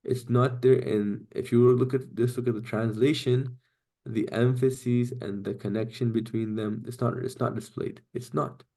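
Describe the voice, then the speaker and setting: A man's voice: medium pitch, fairly even intonation, moderate pace, vocal fry, warm tone. A man teaching an online class, explaining step by step and often checking in with "right?" and "okay?". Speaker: Quranic Arabic teacher.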